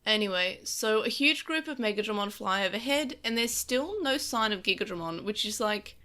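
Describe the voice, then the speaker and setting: A woman's voice: mid-range voice, pushed and bright. A woman co-hosting a casual podcast, rambling through stories with lots of fillers, recovering on painkillers after a car crash. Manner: rambling, filler-heavy storytelling. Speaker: podcast co-host.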